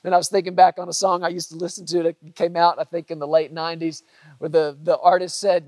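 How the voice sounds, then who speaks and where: A man's voice: fairly high pitch, little pitch movement, no echo. A male pastor delivering a sermon, stretching out key words and hitting others with sudden force. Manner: dynamic preaching, drawn-out emphatic words and sudden loud stresses.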